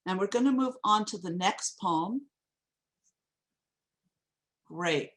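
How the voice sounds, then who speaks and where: A woman giving a craft talk on poetry over a video call, reading lines aloud slowly and deliberately. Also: mid-range voice, animated, fairly bright tone. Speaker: poetry workshop teacher. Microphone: video call microphone.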